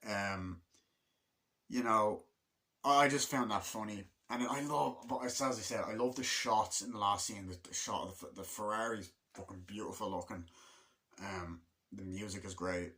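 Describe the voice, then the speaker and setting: A man talks through a film he loves in a loose, rambling monologue, peppered with swearing and "like". His voice is bright and forceful, pitched a little low. He jumps between thoughts with lots of restarts. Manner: rambling and excitable, swears often, many fillers like "like"; acts out movie lines in quick put-on voices. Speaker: film reviewer. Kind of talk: casual rambling film review.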